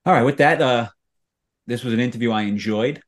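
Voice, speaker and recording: A man hosting an interview podcast, talking casually with halting restarts. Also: medium pitch. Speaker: podcast host.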